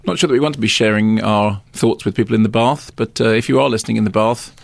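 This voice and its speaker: A man's voice: lowish voice, fast, gravelly. A middle-aged man, co-hosting and rambling wryly through a film chat. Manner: rambling, digressive, wry. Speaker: film critic and co-host. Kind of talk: casual podcast chat.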